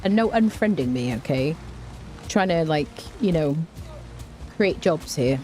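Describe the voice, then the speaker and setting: This gameplay streamer's voice is low, darkish, animated, and a little slow, with soft background music. She talks casually with viewers, welcomes chatters by name, and hums small tunes to herself while playing.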